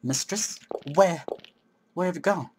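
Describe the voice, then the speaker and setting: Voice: mid-range voice, a little slow, background noise, natural voice. A player putting on a stammering, anxious maid. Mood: flustered. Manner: stammering, flustered apologies. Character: apologetic, anxious housemaid, a woman.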